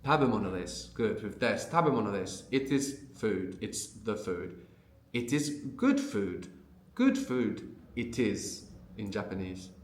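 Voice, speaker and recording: A man's voice: fairly low pitch, sing-song, unhurried, echoey room. A man teaching a language lesson. He explains patiently and often checks in with a questioning "no?".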